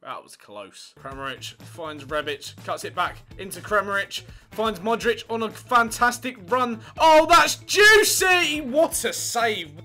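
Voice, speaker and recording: A man giving excitable live gameplay commentary, yelping at near misses and swearing. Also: high-pitched, unhurried, soft background music. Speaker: gaming channel host.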